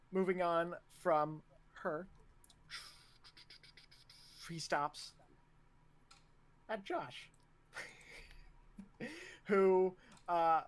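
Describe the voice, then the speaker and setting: Male game master, slow unhurried narration, casual and stop-start. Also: a little high.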